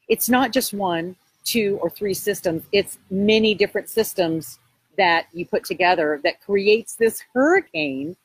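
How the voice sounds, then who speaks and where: A woman with a slightly husky voice gives a live coaching talk to her viewers, hammering her points home through repetition. The sound is dry and close, with no room around it. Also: mid-range voice, dry recording, poor audio. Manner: emphatic, repetitive sales push. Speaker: real estate coach.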